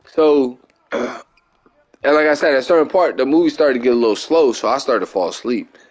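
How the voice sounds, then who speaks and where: A young man with a Philadelphia accent, casually telling a long profane story while gaming, rambling and animated, often asking "you get what I'm saying". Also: medium pitch, normal speed. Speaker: gaming channel host. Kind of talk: casual storytelling over gameplay.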